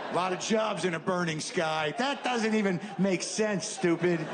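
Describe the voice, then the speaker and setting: A man's voice: sits high, moderate pace, hardly any pauses. Profane, ranting man in his fifties. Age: 50s. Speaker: comedian. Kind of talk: stand-up comedy set. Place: comedy stage. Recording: noisy live stage recording.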